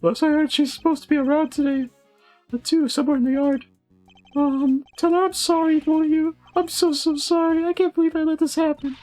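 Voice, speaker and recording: A meek young prisoner, put on by a man, speaks high in a flat, mellow voice and stumbles over his words. Soft game music plays underneath. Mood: timid. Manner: stammering, halting.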